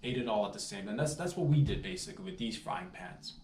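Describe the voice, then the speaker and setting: A man doing a brash, rambling comedic sales pitch, breaking into loud outbursts. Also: expressive, quick pace, reverberant, recorded from a distance, slight background noise.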